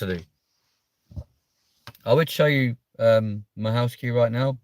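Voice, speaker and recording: A man's voice: mid-range voice, fairly bright tone, no echo. A British man in his thirties hosting a livestream, chatting casually with viewers and reading their comments, playful and mock-offended, swearing casually. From United Kingdom. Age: 30s. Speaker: livestream host.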